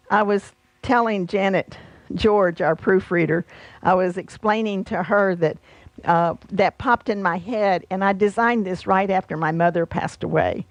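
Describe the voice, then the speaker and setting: A woman's voice: mid-range voice, no echo. Chatty woman showing quilt patterns. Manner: chatty, homey, with fillers and asides. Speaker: quilt designer and shop host. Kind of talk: casual product walkthrough.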